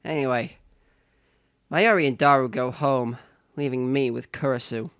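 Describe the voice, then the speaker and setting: A man's voice: mid-range voice, normal speed, a bit bright, smooth, no room sound, clean studio sound. A man playing through a visual novel, reading the narration aloud in first person with asides to the viewer. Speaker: let's player.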